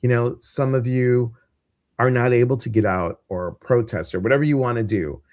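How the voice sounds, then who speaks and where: A man's voice: mid-range voice, normal speed, darkish tone, no room sound, clean studio sound. A man with a Midwestern American accent hosting a casual live stream, chatty and rambling, with plenty of ums and uhs. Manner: chatty, rambling, many fillers. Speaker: host.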